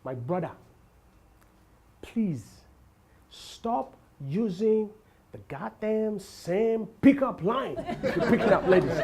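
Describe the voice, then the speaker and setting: Animated male stand-up comic, crowd laughing. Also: high voice. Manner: animated, laughing at his own story, halting fillers. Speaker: stand-up comedian. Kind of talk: stand-up storytelling. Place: comedy venue with a live audience.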